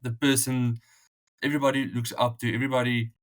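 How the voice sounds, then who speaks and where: A male interviewer poses long, winding questions with gentle hesitation. He stumbles and repeats words as he searches for the right phrasing, his voice sitting at an ordinary middle pitch. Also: level tone, brisk.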